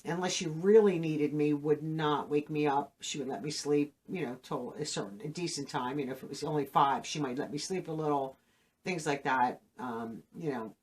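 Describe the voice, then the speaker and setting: A middle-aged woman, the host of her own channel, telling a personal story to camera in a halting, emotional way, full of fillers. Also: sits low, a little mellow. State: emotional, saddened.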